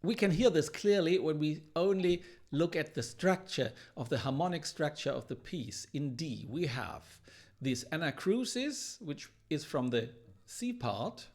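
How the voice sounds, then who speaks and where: A man teaching classical guitar, analysing a piece in a thoughtful, explanatory way and pausing now and then to search for words. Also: a little high, lively intonation, darkish tone. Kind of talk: music analysis lesson. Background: guitar playing.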